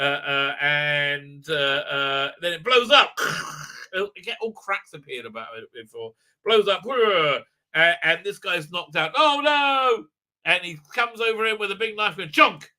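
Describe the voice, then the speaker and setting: Guy rambling thru a sarcastic review livestream, kinda high pitched, super sharp bright tone. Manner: sarcastic, rambling, many fillers and tag questions. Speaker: host, reviewer.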